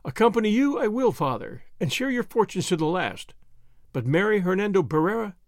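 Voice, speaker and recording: Quiet, resolute young daughter, read by a man, slightly higher voice. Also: sing-song, brisk, dry recording, clean studio sound. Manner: quiet, firm.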